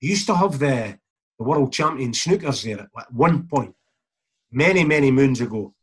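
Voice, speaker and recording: Husky Scottish man spinning a yarn. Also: medium pitch, lively intonation, moderate pace. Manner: rambling, chuckling, quotes others in reported speech. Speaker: guest, former footballer. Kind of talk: casual anecdotal storytelling.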